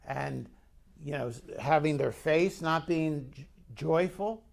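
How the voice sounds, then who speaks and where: A man's voice: a little high, slow pace, creaky. A man preaching a conversational sermon as pastor, telling the story and putting questions to the congregation.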